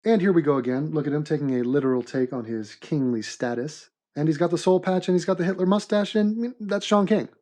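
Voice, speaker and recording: A man hosting an animated comedy commentary in a mock-serious, deadpan sarcastic manner. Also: fairly high pitch, fast talker, few pauses. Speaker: host and narrator of an animated commentary.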